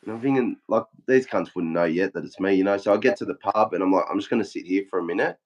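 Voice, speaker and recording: A man's voice: deep voice, fast. Swearing Australian man, lo-fi sound. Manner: swears a lot, acts out quotes in a flat retelling. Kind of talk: casual chat.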